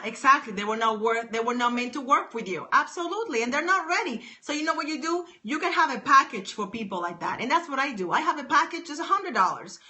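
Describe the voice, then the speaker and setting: A woman's voice: a little high, bright, forceful tone. A woman business coach giving an emphatic, exuberant motivational talk on a live stream from her home office. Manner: emphatic, exuberant, repetitive exhortations.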